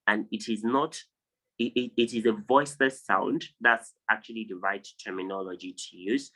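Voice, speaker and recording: A man teaching an online phonology lesson on a video call, drilling each word slowly and insistently correcting pronunciation. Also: on the low side, fairly bright tone, rough recording. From Nigeria. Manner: drills words, repeating them slowly for students. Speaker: English tutor.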